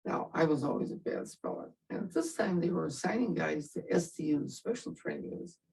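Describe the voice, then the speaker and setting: A man's voice: on the high side, very animated, a little fast, vocal fry, darkish tone, distant mic, poor audio. An older man, a veteran, telling his story in an interview in a wry, self-mocking way and laughing at himself.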